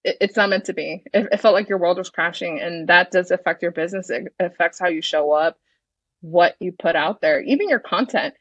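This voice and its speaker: A woman's voice: fairly low pitch, fairly quick, fairly bright tone, no room sound, muffled recording. A woman in her thirties, a podcast guest, talking in a confident, frank way and swearing freely in casual chat. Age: 30s.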